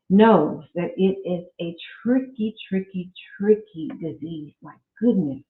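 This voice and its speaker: Middle-aged woman, podcast host, slow heartfelt faith talk, tinny echoey home recording. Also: on the low side. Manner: slow, heartfelt, with religious exclamations. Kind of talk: casual faith-based personal talk. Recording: echoey room, phone-like audio.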